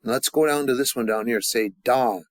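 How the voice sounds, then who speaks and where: A man teaching a language class, leading the students through call-and-response drills and pausing often with fillers and restarts. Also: mid-range voice, no echo. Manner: halting, with many fillers and restarts. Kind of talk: classroom grammar lesson.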